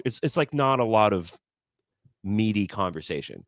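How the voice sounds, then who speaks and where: A man in a casual podcast chat, telling stories as a guest musician, animated and stumbling over repeated words as he talks. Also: fairly low pitch, normal speed, dry recording, clean studio sound.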